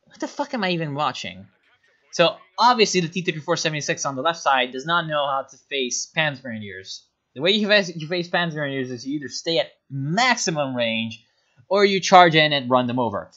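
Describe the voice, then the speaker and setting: A man casting a strategy game replay, explaining moves in an animated, exasperated way and swearing at the player's mistakes. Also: a little high. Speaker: game caster. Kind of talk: replay commentary. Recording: lo-fi muffled mic.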